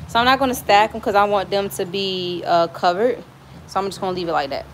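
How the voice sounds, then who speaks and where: A woman vlogs from her home kitchen in a mid-pitched, everyday voice. She keeps up loose, slangy chatter, turning from the viewers to her children off camera and back again. A faint hiss sits under the phone recording. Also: brisk. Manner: chatty, talks to viewers and to her kids off camera between steps; loose, slangy casual speech. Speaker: vlogger cooking for her channel. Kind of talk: casual chat while cooking. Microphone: phone camera nearby, set down at times.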